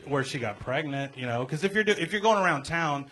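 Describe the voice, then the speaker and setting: Male panelist at a live comedy show, bright forceful voice, rambling pitches for jokes. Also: lively intonation, fairly quick. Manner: rambling suggestions with laughs.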